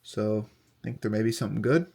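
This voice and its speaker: A young man with a fairly low voice talks casually while opening packs of cards. He reads off player names one after another in an easy, steady way, with small asides. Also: fast, gravelly, slight background noise. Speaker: card collector unboxing host. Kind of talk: casual unboxing commentary.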